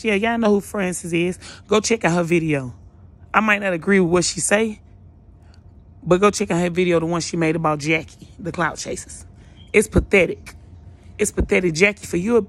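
Blunt, profane woman vlogger ranting. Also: mid-range voice. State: just woke up. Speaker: YouTube vlogger. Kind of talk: ranting commentary vlog.

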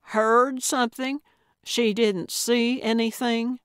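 A woman voicing an excitable, eccentric older female amateur sleuth in an audiobook, gleeful about crime. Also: mid-range voice, slow, no echo, studio quality. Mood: eager. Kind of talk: audiobook character voice.

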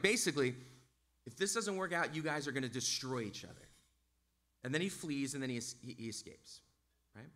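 A man's voice: medium pitch, lively intonation, a little fast, pauses often, bright, forceful tone. A male pastor preaching a sermon in a casual, conversational way, often checking in with his listeners. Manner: casual, conversational, with frequent "like" and "right?".

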